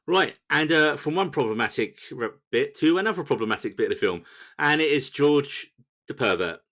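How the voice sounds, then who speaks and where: A man's voice: a little high, lively intonation, a little fast, a bit bright. A man co-hosting a film podcast, picking apart scenes with wry jokes in casual chat. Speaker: podcast co-host.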